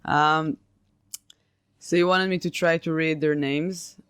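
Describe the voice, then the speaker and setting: A woman's voice: sits low, fairly even intonation, slow pace, a bit bright, smooth, dry recording, studio quality. A young adult woman with an Israeli accent, speaking Hebrew as her first language, co-hosting a podcast in a playful, teasing chat. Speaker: podcast co-host. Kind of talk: casual chat.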